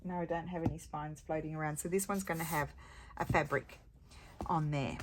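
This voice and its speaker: Middle-aged woman, low voice, chatty craft host, faint noise behind. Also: steady tone, normal speed. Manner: chatty, rambling, homely. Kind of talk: casual chat while crafting.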